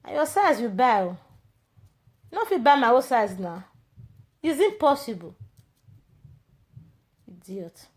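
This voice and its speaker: A woman speaking Nigerian Pidgin English, her voice sitting a little higher than most. She rants in a loose, confrontational way, mocking and rambling as she talks straight to her viewers. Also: sing-song, moderate pace, pauses often. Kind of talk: casual ranting monologue.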